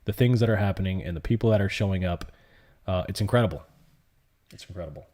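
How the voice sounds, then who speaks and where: A man's voice: sits low, fast, warm tone. A man hosting a live stream, chatting casually, earnest and effusive, repeating himself as he talks. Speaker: livestream host. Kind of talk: casual livestream chat.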